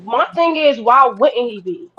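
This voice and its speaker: A woman's voice: on the high side, lively intonation, a little slow. A woman on a podcast panel, talking bluntly and emphatically in casual discussion. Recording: dull lo-fi podcast audio.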